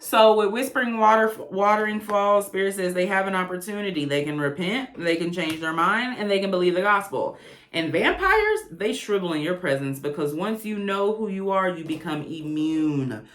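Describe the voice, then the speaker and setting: A woman giving a casual tarot reading to camera, chatty and animated, with blunt, profane asides. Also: medium pitch, moderate pace, echoey room. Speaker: tarot reader.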